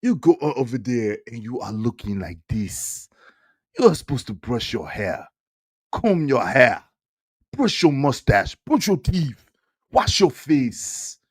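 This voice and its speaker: A man in riffs on a stream, teasing and animated. His voice swoops widely in pitch while he keeps an unhurried pace. The sound is close and dry. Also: slightly rough, no room sound. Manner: animated, mocking, bursts into song and laughter. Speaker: commentary streamer. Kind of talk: casual reaction commentary.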